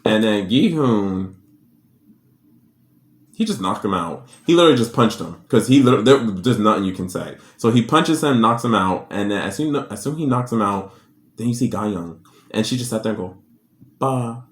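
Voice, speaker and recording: A man giving a casual, sassy recap of a drama episode, with slangy, animated storytelling. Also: lowish voice, normal speed, echoey room. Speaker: drama reviewer.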